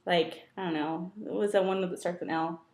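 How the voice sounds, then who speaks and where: A woman's voice: lowish voice, steady tone, fairly quick, darkish tone. A young woman co-hosting a casual talk show, telling a rambling, giggly story with lots of fillers. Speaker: co-host. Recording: roomy echo.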